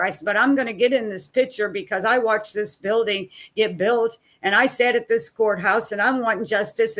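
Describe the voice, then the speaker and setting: A middle-aged woman, a guest telling her own story as the mother of a missing son. She talks in a folksy way and acts out both sides of each exchange, and her voice drops low and soft when it turns painful. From Missouri. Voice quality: plain-spoken, folksy. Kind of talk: candid personal storytelling.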